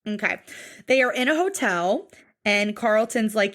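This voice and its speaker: A woman co-hosting a podcast, chatting casually as she recaps a TV episode, animated and a bit sweary, often acting out what people said. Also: mid-range voice, unhurried. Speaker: podcast co-host.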